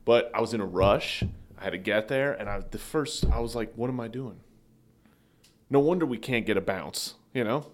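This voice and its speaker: A man co-hosting a comedy sports podcast, telling rambling stories in an animated way that often breaks into laughter. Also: on the low side, fairly quick. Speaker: podcast co-host. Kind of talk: casual comedic sports chat.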